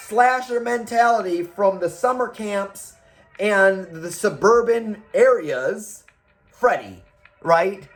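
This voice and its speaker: A man reviewing horror movies in a casual, argumentative monologue, full of rhetorical questions and the odd curse. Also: sits high. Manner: animated, rhetorical questions, profane.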